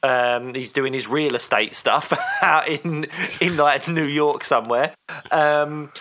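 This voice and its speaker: A man's voice: fairly high pitch, slow, pushed and bright. A man co-hosting a fan podcast, chatting keenly about upcoming fights. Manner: enthusiastic, chatty fan talk. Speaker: podcast co-host. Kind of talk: casual chat.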